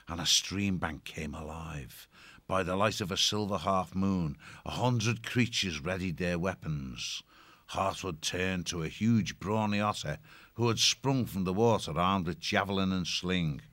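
Low-voiced guy reading a storybook, measured and descriptive, dry mic. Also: fairly bright tone, dry recording. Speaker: audiobook narrator. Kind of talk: scripted storybook narration.

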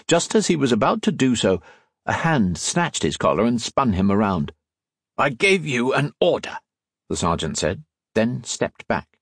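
A man narrating an audiobook in a measured, steady storytelling voice, close on the mic. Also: lowish voice, slightly rough, no room sound. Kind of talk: scripted narration.

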